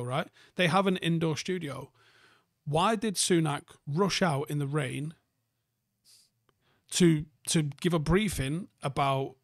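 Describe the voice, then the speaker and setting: A man's voice: fairly high pitch, no room sound, clean studio sound. A man hosting a casual live stream, reading out viewer comments and riffing on them in a rambling, sweary way with lots of ums and restarts. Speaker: army veteran.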